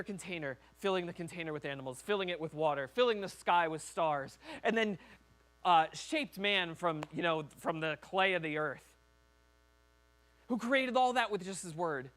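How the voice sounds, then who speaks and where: A man's voice: fairly high pitch, a bit bright. A man preaching a sermon as a pastor in a church, talking conversationally and acting out quoted voices.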